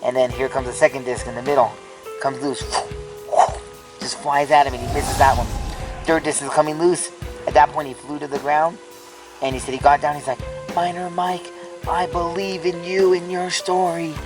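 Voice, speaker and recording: A man's voice: medium pitch, little pitch movement, brisk, over music, rough recording. A man casually telling a ghost story, rambling with lots of filler words and restarts.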